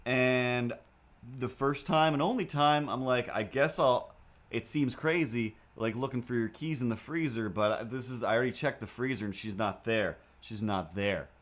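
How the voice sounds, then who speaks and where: A man at a middle pitch, talking in a loose, rambling way as he draws on a live stream. He is playful and animated, and he often breaks into goofy voices. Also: normal speed. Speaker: streamer drawing comics.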